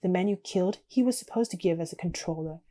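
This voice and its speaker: A woman's voice: lowish voice, quick pace, warm tone, close to an everyday voice. A woman voicing a guarded young woman gang member in a text game, read aloud plainly. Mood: tense.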